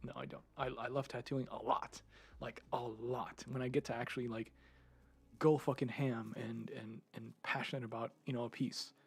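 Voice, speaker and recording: A man's voice: mid-range voice, fairly even intonation, moderate pace, gravelly, breathy edge. A man streamer in casual live chat, rambling freely, laughing often and swearing. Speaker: streamer and 3D content creator.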